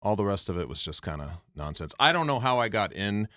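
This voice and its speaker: A man's voice: on the low side, sing-song, brisk, sharp tone, dry recording, clean studio sound. A man guesting on a sports talk show as a writer, laid-back and laughing along with the hosts. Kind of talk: casual studio chat. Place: studio.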